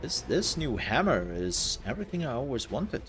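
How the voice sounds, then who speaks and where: A man's voice: medium pitch, big pitch swings, moderate pace, fairly bright tone, soft background music. A man giving casual let's-play commentary, thinking aloud as he plays and trailing off into fillers. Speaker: gaming content creator.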